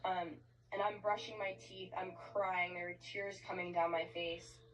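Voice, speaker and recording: A woman giving an emotional personal account, shaken and halting, swearing often. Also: on the low side, level tone, a little hiss or hum. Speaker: interviewee recounting events. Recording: distant clip with faint music.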